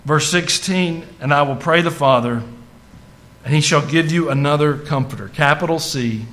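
A pastor with a fairly high, slightly bright voice delivers a sermon at normal speed. He talks to the congregation conversationally before building into fervent emphasis on scripture.

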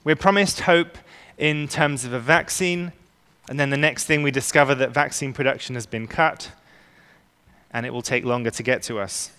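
A man preaching a sermon as pastor, earnest and emphatic, slowing down to stress key words. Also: mid-range voice, bright, forceful tone, clear, resonant tone. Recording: long reverb of a large hall.

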